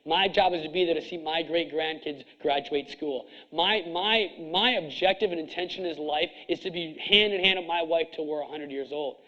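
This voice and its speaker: Intense preachy man, high voice. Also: normal speed, hardly any pauses, bright, forceful tone. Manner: intense, preachy, repeats himself for emphasis. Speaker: chiropractor speaking to students. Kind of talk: motivational talk. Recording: dull lo-fi recording.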